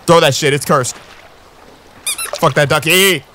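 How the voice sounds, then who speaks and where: A man commenting on a horror game as he plays, loud and swearing, with jumpy reactions and game text read aloud. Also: fairly high pitch, a little slow, a little hiss or hum, rough recording. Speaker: gameplay commentator.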